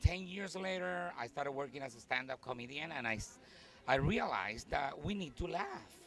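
A middle-aged man with a Puerto Rican Spanish accent, a Spanish speaker talking English as a stand-up comedian being interviewed at a festival, animated and excitable. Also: normal speed. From Puerto Rico. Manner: animated, excitable, lively swings in pitch. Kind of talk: festival red-carpet interview. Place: busy festival event in New York.

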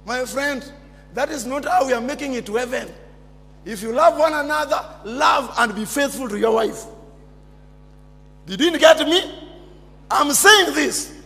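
A man preaching a sermon as pastor, calling out to the congregation and often shouting. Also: extremely high pitch, a little slow, gravelly, long pauses. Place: church hall. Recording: reverberant church hall.

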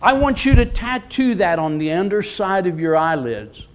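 A man's voice: high voice, animated, normal speed. A man in his seventies preaching a sermon, emphatic and repetitive, leading the congregation in call-and-response. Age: 70s. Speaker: pastor.

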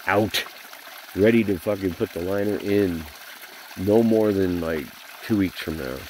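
A man's voice: deep voice, unhurried, a little mellow, slight background noise. A man in his forties venting in a bitter, profane vlog monologue. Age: 40s. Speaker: vlogger.

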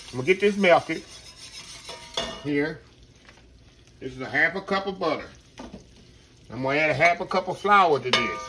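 A middle-aged man walks viewers through a recipe in a folksy, rambling way. His voice sits a little high for a man. Faint kitchen sounds run behind him. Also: pushed and bright, a little hiss or hum. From Texas. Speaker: home cook host. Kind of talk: casual cooking demonstration.

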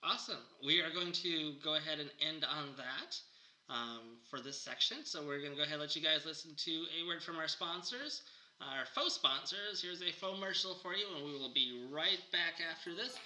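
A man's voice: fairly high pitch, expressive, moderate pace, sharp tone, poor audio. A man hosting a podcast, chatting casually with his guest and laughing often. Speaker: podcast host. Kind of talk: casual interview chat.

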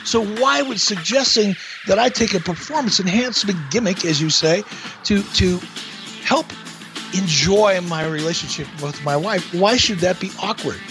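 A man's voice: sits high, normal speed, music in the background, poor audio. A middle-aged man chatting on a podcast, blunt and profane, telling stories with lots of energy. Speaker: podcast host, former wrestling executive. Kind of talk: casual podcast chat.

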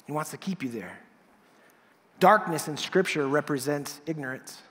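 A male pastor preaching a sermon, dramatic, swinging from loud declarations to whispers, with a long hall reverb. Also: on the high side, lively intonation, moderate pace.

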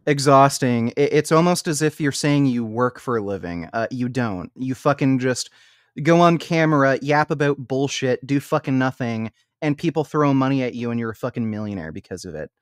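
A man's voice: mid-range voice, lively intonation, no room sound, studio quality. Man ranting scornfully on stream. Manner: blunt, profane, scornful; halting restarts when worked up. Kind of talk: reaction stream rant.

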